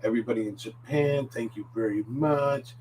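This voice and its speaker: A man talks through a relaxed live-stream lesson, rambling and filling pauses with "uh" and "um". He sits a little back from the mic, and a faint hum runs underneath. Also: medium pitch, recorded from a distance. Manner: rambling, filler-heavy, chatty. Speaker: Japanese language teacher.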